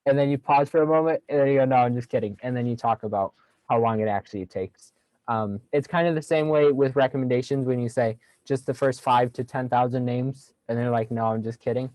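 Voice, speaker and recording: A man's voice: mid-range voice, a little fast, a little mellow, dry recording, low-quality recording. A young man giving a casual sales training talk on a video call, upbeat and jokey, acting out phone lines as he explains them.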